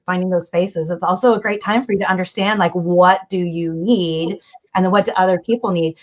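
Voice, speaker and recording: A middle-aged woman appears as a guest communication coach in a conversational interview, speaking animatedly and performing family dialogue with many restarts. Her voice is fairly low and a little fast, captured in dull, lo-fi audio.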